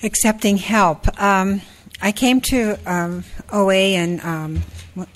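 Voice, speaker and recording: A woman in her sixties sharing her story at a support group meeting, halting, with many fillers and restarts. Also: mid-range voice, steady tone, rough recording. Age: 60s. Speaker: meeting speaker.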